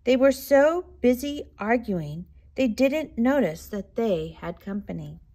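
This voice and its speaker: A woman reading a children's picture book aloud with expressive, unhurried storytelling. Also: a little high. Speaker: storybook reader.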